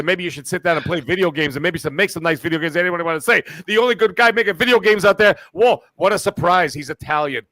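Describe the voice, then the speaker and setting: A brash, vulgar loudmouth tears through his boasts at a breakneck pace, as a man puts him on for a comedy bit. The voice sits high and bright with a pushy edge. The sound is dry and close. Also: dry recording. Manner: boastful, rapid ranting, crude.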